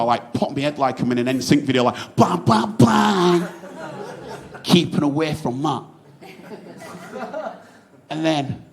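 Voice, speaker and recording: A young comedian from Yorkshire, England, performs stand-up, cursing freely as he meanders through aside-filled anecdotes. His voice is on the low side, with slight background noise audible.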